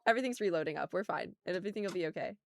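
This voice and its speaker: A woman's voice: fairly low pitch, expressive, rapid-fire. A woman hosting a casual gaming livestream, talking to chat and laughing often.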